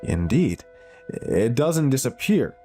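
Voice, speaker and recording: A man voicing an excited, proud engineer explaining his plan. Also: medium pitch, takes it slowly, faint music behind, voice pushed up. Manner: excited, eager.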